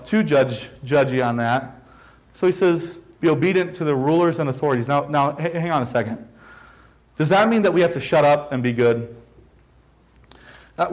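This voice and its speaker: Male pastor, high-pitched, emphatic sermon delivery full of rhetorical questions. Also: poor audio.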